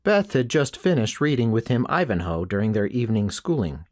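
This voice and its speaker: Medium in pitch, the man narrating this audiobook speaks in the first person. His reading is steady and measured.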